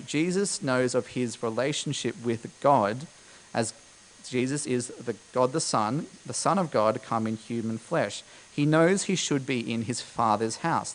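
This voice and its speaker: A man's voice: medium pitch, low-quality recording. A man preaching a sermon to a congregation, explaining scripture in a conversational way with frequent fillers.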